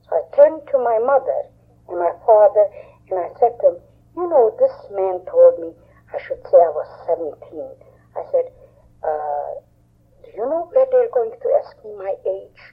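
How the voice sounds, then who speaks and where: A woman giving oral history testimony, recounting events in a halting, emotional way with frequent restarts. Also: mid-range voice, slightly rough. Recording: tinny phone-like archival recording.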